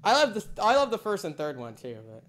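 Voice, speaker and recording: A man's voice: high-pitched, huge pitch swings, quick pace, a bit bright. A young man hosting a casual movie review chat, laughing often and joking loosely. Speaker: host.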